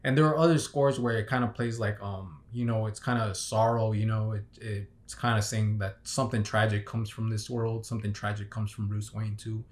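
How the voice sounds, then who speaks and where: A man's voice: lowish voice, fairly even intonation, a little fast, hardly any pauses. A young man giving a casual, unscripted movie review, rambling with many fillers and restarts. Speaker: film reviewer.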